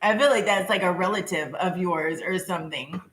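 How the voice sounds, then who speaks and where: A woman's voice: on the low side, normal speed, a bit bright, roomy sound, slight background noise. A woman doing a live-stream tarot reading in a chatty, casual way, full of filler words and giggles. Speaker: tarot reader.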